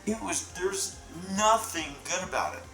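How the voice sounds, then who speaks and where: A man's voice: sits high, lively intonation, measured pace, over music. A man speaking bluntly and critically as a reaction panelist. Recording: roomy room sound.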